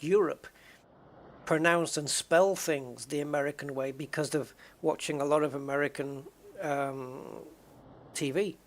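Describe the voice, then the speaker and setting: Chatty man with a higher voice. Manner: rambling, chatty, often restarts his sentences. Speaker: game streamer. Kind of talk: casual chat while gaming.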